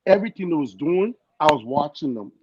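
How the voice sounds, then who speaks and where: A young man with a foreign accent tells his story on a podcast, earnest and animated, acting out the people he quotes. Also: on the high side, fairly quick, a crowd in the background. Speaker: guest. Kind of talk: casual storytelling. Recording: dull lo-fi sound with loud noise.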